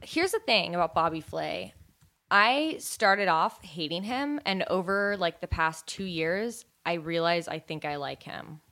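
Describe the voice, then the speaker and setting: A woman's voice: fairly low pitch, lively intonation, a little slow, bright, forceful tone. A woman co-hosting a podcast, telling a blunt, sweary story in casual chat. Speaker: podcast co-host.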